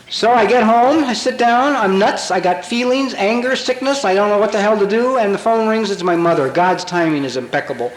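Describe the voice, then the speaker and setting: A man in his fifties with a high voice gives a comic, confessional talk from a podium, blunt and wry, leaning hard on key words. The sound is an old convention-hall tape with plenty of room echo and a faint hiss underneath. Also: moderate pace. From Colorado, USA. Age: 50s. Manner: blunt, wry and emphatic, swearing for punch. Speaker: recovery speaker. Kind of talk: comic confessional storytelling speech. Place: large convention hall with audience.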